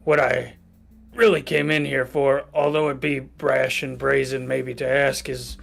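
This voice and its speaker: A man's voice: mid-range voice, flat delivery, unhurried, gravelly, fairly bright tone, full character voice. A man voicing a brash, hungry gator mutant character in a tabletop game.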